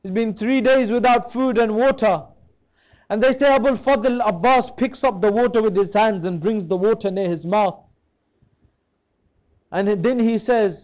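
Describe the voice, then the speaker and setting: Impassioned male preacher, very high voice, mourning sermon, thin lo-fi phone-like recording. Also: a little slow. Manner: impassioned, pleading with listeners. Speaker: majlis speaker. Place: religious centre hall.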